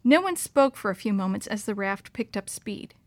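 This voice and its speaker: A woman narrating a children's story aloud in a clear, expressive storytelling manner. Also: medium pitch, normal speed, dry recording.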